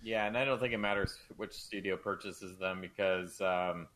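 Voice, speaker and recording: A man co-hosting a gaming talk stream, relaxed and hesitant, with frequent ums. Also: deep voice, moderate pace, low-quality recording. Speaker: co-host. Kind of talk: casual chat.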